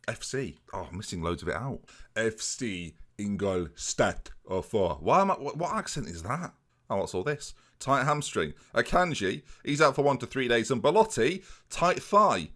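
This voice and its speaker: Male gaming commentator, casual and chatty, pitch that jumps about a lot. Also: sing-song, normal speed, a bit bright. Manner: chatty, self-mocking, talks to viewers. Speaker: game commentator and YouTuber.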